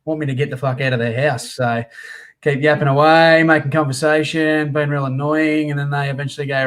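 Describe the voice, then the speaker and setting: A man's voice: a little high, fairly even intonation, fairly bright tone, low-quality recording. An easygoing Australian man chats on a live stream. He runs his phrases together loosely and keeps things casual. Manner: easygoing, talks quickly in loose run-on phrases. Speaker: co-host.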